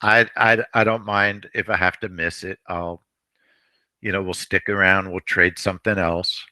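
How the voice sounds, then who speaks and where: A man hosting a live trading stream, talking traders through a trade in a rambling way, repeating himself and often clearing his throat. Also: low-pitched, flat delivery, moderate pace, sharp tone, no room sound.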